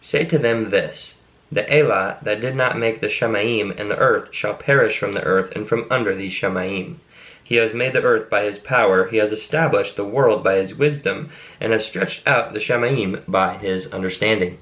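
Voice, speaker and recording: A man reading scripture aloud at a steady, measured pace, now and then stopping to explain a word. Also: fairly low pitch, poor audio. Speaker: Bible reader.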